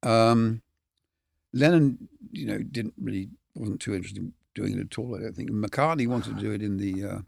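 A man's voice: lowish voice, moderate pace, creaky, a little mellow, dry recording, studio quality. An older man, a film cameraman telling rambling, candid stories as a guest. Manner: rambling, candid, swears casually, chuckles. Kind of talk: anecdotal storytelling.

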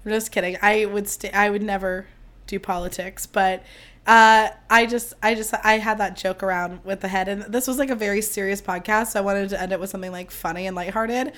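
A woman hosting her podcast solo, chatting casually and mocking herself, her voice strained and squeaky. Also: fairly even intonation, a little fast, a bit bright. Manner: chatty, self-mocking, swears freely. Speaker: podcast host.

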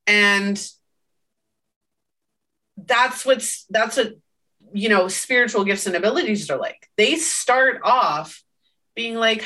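A woman's voice: medium pitch, slow pace, pauses often, pushed and bright, distant mic. A woman co-hosting a casual podcast, talking emphatically and often ending her points with "right?". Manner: emphatic, tags statements with "right?". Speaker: podcast co-host.

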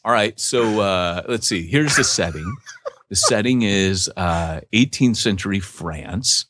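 A man's voice: on the low side, animated, a little slow, noisy background. A man co-hosting a podcast in casual chat, joking and playful with lots of laughing. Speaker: podcast co-host.

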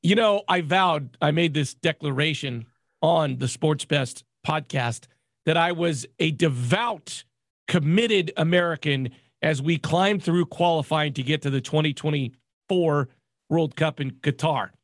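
A man co-hosting a sports podcast, excitable and mock-indignant in casual banter. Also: a little high, unhurried, dry recording, clean studio sound. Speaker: podcast co-host.

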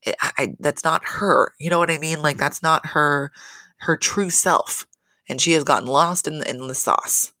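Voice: mid-range voice, vocal fry, a bit bright, no echo. A podcast host giving a chatty, opinionated recap of a reality show, swearing freely and filling with "like". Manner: chatty, opinionated, swears a lot, many "like" fillers. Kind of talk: casual reality-TV recap monologue.

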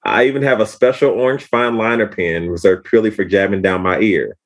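A man on a casual panel, reading aloud and speaking in a deadpan, matter-of-fact way. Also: fairly low pitch, brisk.

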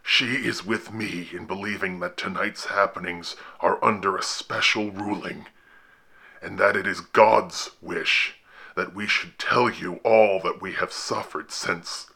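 A man reading an audiobook horror tale, voicing a sorrowful, pious castaway who speaks slowly and haltingly in a hushed, gravelly voice. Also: low-pitched, steady tone, heavily acted. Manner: slow, halting, subdued delivery.

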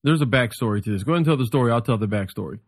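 A comedian on a podcast in casual chat, an animated storyteller who acts out what others said. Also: male voice, mid-range voice, racing, no echo, studio quality.

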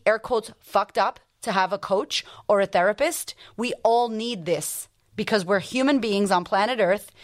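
A woman life coach hosting a motivational podcast, talking bluntly and emphatically with lots of swearing and rapid-fire rhetorical questions. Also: medium pitch.

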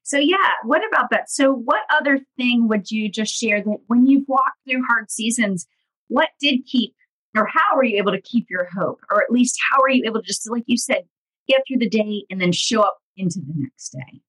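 A woman's voice: on the high side, animated, normal speed, a bit bright, low-quality recording. Encouraging woman podcast host. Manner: affirming, encouraging listener. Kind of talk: interview hosting.

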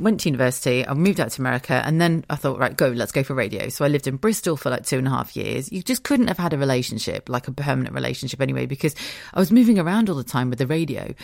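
A woman's voice: deep voice, vocal fry, no echo, clean studio sound. A woman in her late thirties hosting a solo podcast, talking frankly and emotionally, swearing freely and laughing at herself. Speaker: podcast host. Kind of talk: candid solo podcast confession.

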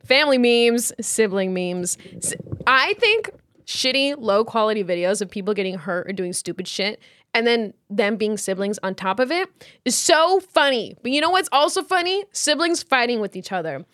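A woman with a somewhat high voice co-hosts a laid-back sibling podcast, telling stories and acting out the quotes with big pitch leaps. The sound is dry and close to the mic. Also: moderate pace, no room sound. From United States. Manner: animated storyteller, acts out quotes with big pitch jumps. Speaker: podcast co-host. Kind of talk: casual sibling podcast chat.

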